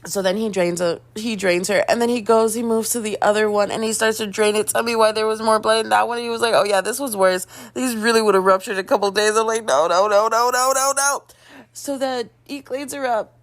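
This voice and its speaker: A woman vlogger telling a casual story, acting out the quoted dialogue and playing up her own panic in a dramatic, self-mocking way. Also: brisk. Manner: animated storytelling, acting out quoted dialogue with big pitch jumps.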